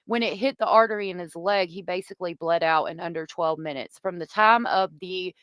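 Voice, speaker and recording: A woman's voice: lowish voice, fairly quick, a bit bright, smooth, dry recording. A woman hosting a casual true crime livestream, chatty and gossipy, reading viewer comments aloud.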